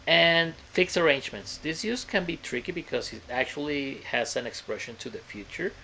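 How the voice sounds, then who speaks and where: Gravelly-voiced man teaching English grammar. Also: on the high side, animated, normal speed, bright, forceful tone, slight background noise. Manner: explains step by step, often checks in with "okay?". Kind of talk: grammar lesson explanation.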